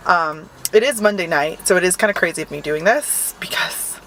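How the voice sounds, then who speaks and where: A woman's voice: on the low side, moderate pace, a bit bright, slight background noise, low-quality recording. A young adult woman talking casually to camera in a bubbly, upbeat, chatty vlog. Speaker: vlogger.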